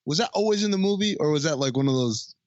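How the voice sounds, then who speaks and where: A man's voice: a little high, expressive, fast, dry recording, highs cut off. A man co-hosting a podcast, chatting casually and trailing off mid-sentence. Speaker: podcast co-host. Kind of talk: casual chat.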